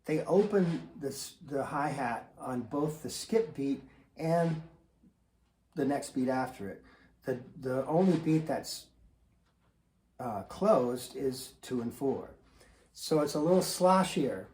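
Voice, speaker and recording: A man giving a casual drum lesson, relaxed and rambling, with many fillers and restarts. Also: mid-range voice, takes it slowly. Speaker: drum teacher. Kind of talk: casual instructional talk. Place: drum studio. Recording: roomy studio sound with faint noise. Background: drums and cymbals played between remarks.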